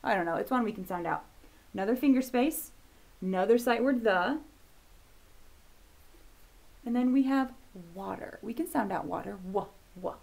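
A woman teaching a kindergarten video lesson, upbeat and encouraging, slowly sounding out letters for young children. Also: on the high side, vocal fry, darkish tone.

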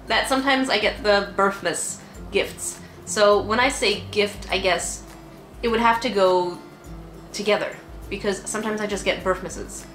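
A woman's voice: medium pitch, normal speed, fairly bright tone. A young woman vlogging casually from bed while unwell, chatty and emotional, laughing often. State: unwell, tired. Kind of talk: casual chat. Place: bedroom at home. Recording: echoey room with faint music.

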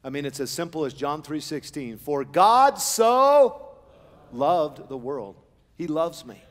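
A man, the pastor, preaching a sermon in a church sanctuary on a pulpit microphone, animated, with humorous asides. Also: a little high, slow. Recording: long church-hall reverb.

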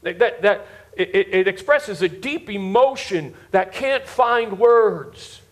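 A pastor preaching a sermon to a live congregation, repeating words for emphasis and asking the listeners directly if they follow him. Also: male voice, high voice, lively intonation, slow pace. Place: church before a live congregation.

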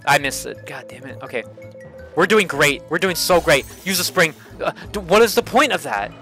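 A young man giving excitable, swearing commentary while playing a kart racing game, often jumping up into high yelps. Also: moderate pace, soft background music. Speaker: gaming channel host. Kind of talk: let's play commentary.

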